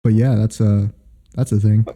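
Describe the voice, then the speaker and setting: A young man co-hosting a casual podcast rambles and hesitates as he talks, filling his speech with fillers. His voice is on the low side and mellow, with little pitch movement and a moderate pace.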